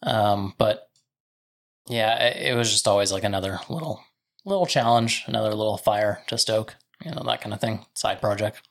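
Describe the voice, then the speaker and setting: A man's voice: fairly low pitch, moderate pace, vocal fry, a bit bright. A man co-owning a sausage business, talking casually in a rambling way with lots of fillers. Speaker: sausage company co-owner. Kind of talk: casual chat.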